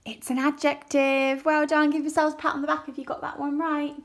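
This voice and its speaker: A woman's voice: sits high, little pitch movement. A woman teacher, reading a story aloud to young children and asking them questions. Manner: slow and clear, asks children questions. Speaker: primary school teacher.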